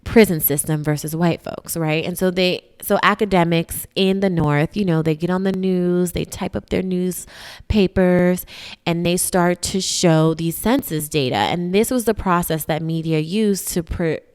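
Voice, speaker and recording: A woman's voice: on the low side, unhurried, a little mellow, smooth. A woman hosting a podcast, explaining history in a conversational, emphatic way and often checking in with her listeners. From United States. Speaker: podcast host.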